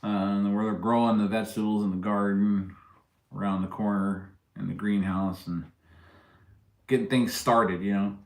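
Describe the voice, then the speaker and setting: A man hosts an easygoing livestream, rambling, kidding around with viewers, and laughing at his own stories. His voice is on the low side with little pitch movement, delivered at a normal speed in a reverberant space.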